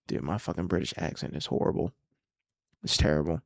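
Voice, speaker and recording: A man's voice: a bass voice, brisk, gravelly, dry recording, clean studio sound. A young man hosting a solo podcast, rambling casually with a lot of swearing and self-mocking asides. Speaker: podcast host.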